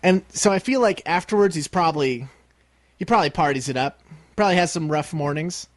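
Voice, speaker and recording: A young man co-hosting a podcast, chatting casually and playfully, cracking jokes and clearing his throat now and then. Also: on the high side, brisk, no room sound. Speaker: podcast co-host.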